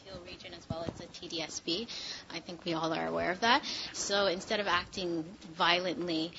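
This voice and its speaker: A woman's voice: lowish voice, steady tone, a little fast. Woman commenting from the audience, noisy. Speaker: class participant. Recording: muffled lo-fi with clear background noise.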